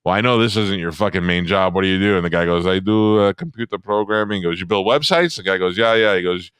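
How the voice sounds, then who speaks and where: A man's voice: low-pitched, fast, fairly bright tone, smooth, dry recording, studio quality. A man hosting a casual chat, telling a profane story and acting out both sides of a phone call.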